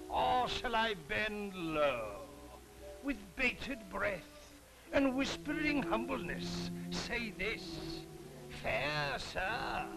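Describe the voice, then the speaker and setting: A man playing an aggrieved old male moneylender, declaiming slowly in a grand stage manner with sudden shouts. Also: high voice, creaky, exaggerated voice, low-quality recording.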